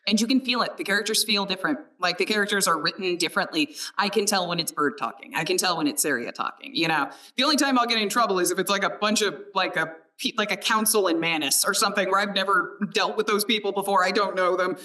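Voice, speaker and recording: Bright-toned woman, distant mic. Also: mid-range voice, fast talker. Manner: enthusiastic, laughs often. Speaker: audiobook narrator. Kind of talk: casual conversation.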